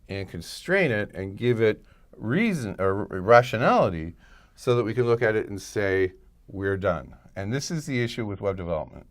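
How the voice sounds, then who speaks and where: A middle-aged male professor giving a recorded lecture in a conversational way, thinking aloud and checking in with "right?". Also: fairly low pitch. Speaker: college professor.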